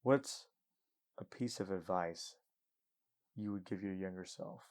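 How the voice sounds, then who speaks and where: A man hosting a podcast, reacting with soft, admiring comments and then asking a slow question. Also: low-pitched. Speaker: podcast host. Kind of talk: interviewing, short reactions.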